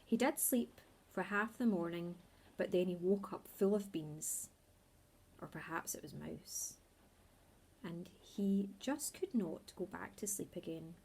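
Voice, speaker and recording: A woman reading a children's story aloud in a slow, expressive way. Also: fairly low pitch, gravelly, slightly rough.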